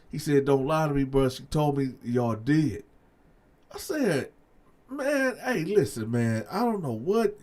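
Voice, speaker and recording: A man hosting a storytime channel, talking straight to his viewers in an animated way, with frequent "y'all" and stammered restarts. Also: medium pitch. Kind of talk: casual storytime monologue.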